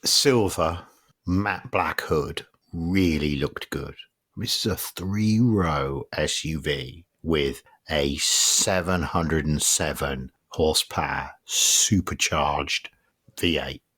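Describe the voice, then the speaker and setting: Low-voiced wry English man. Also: slow, a bit bright, husky, dry recording. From England. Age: middle-aged. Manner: wry, blunt, rambling, swears freely. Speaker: podcast host. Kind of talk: casual car review chat.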